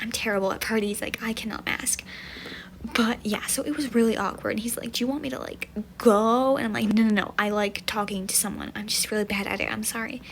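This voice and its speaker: A woman's voice: medium pitch, fairly bright tone, a little hiss or hum, low-quality recording. A young woman and university student telling a casual storytime vlog, rambling with many fillers and often dropping to a near whisper. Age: young adult. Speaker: vlogger.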